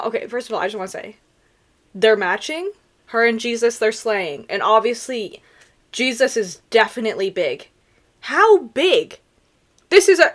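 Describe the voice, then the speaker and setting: A young woman giving sarcastic, animated comedic commentary on videos, with laughing asides. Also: a little high. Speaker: reaction video creator.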